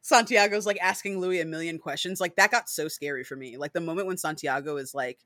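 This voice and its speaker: This speaker is a podcast co-host chatting about a book, full of "like" and "right?" and casual swearing. Now and then they jump into high, loud impressions of characters. The recording sounds dry and close, with a middle-pitched voice. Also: fast talker, no echo. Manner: animated, swears freely, peppers speech with "like" and "right?".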